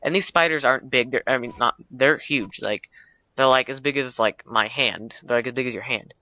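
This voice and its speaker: A man's voice: mid-range voice, a little fast, dry recording. A young man casually recapping a film, rambling with lots of fillers and self-corrections. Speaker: video uploader. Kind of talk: casual movie recap vlog. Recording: dull lo-fi home recording.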